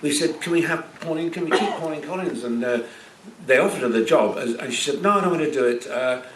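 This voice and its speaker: A man's voice: a little high, lively intonation, fast, fairly bright tone, slight background noise. Older man in an echoey hall. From Yorkshire, England. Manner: chatty, jokey storyteller. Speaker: actor guest. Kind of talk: anecdotal panel chat. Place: cinema stage Q&A. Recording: echoey hall, picked up from far.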